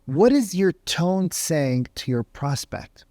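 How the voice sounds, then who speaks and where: An energetic man teaches real estate sales on camera in a fairly high, lively voice. He talks conversationally and keeps asking "right?" to pull the listener along. The sound is close and dry. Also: slow, dry recording.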